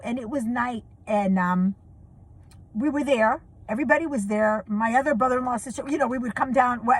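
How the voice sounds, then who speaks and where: A middle-aged woman tells a family story to her viewers in a casual, chatty way. Her voice sits high and a little husky, and she laughs and gets animated as the tale builds. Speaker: vlogger telling a family story.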